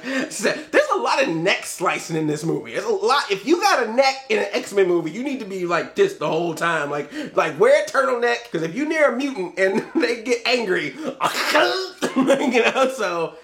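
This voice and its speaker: Male vlogger, high-pitched, animated casual film-review delivery with frequent laughs. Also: normal speed. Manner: animated, laughs often, acts out scenes in quoted voices. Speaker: movie reviewer. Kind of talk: casual movie review rant.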